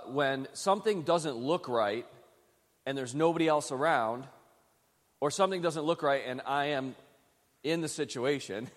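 A pastor from Western New York, speaking at medium pitch in a big-sounding room, tells a story during his sermon. He's chatty and self-deprecating, often starting phrases over.

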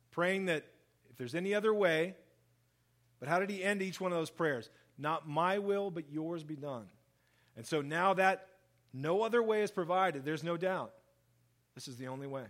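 A man preaching with a slightly raised pitch, reading scripture and commenting on it. He talks in an animated way, dropping low and soft for solemn lines and jumping up when he acts out what people said. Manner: animated, acts out quoted speech, lively shifts in pitch and volume. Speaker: pastor. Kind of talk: sermon, Bible reading and commentary.

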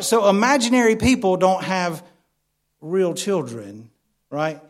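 A man's voice: high voice, animated, moderate pace. A man preaching a sermon in a conversational way, often asking the congregation questions. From United States. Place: church.

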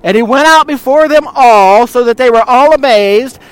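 A man's voice: very high-pitched, normal speed, smooth, no echo. A male pastor preaching a sermon, speaking directly to the congregation and retelling scripture with rhetorical questions.

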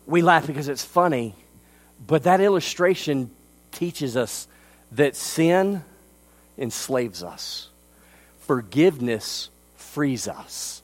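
A man's voice: fairly high pitch, expressive, normal speed. A male pastor, preaching a sermon and telling a story with frequent fillers.

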